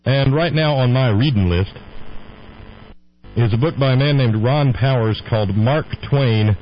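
A man's voice: medium pitch, a little slow, muffled recording, slight background noise. A man hosting a radio show, talking in a rambling, opinionated monologue. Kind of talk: casual on-air monologue.

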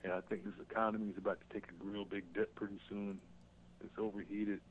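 A man calling in to a talk show, talking casually and haltingly about politics, often repeating words. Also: lowish voice, little pitch movement, slight background noise. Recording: tinny phone line.

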